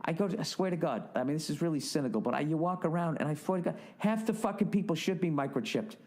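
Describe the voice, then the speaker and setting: A podcast host with a slightly high, darkish voice delivers a fast, animated solo rant, exasperated and heavily profane, full of sarcastic, mocking asides.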